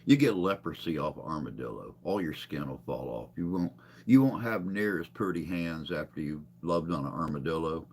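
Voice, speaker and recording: Man, very low, gravelly, rambling, folksy, tired, live stream chat. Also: animated, moderate pace, hardly any pauses, a little mellow. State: tired and unwell.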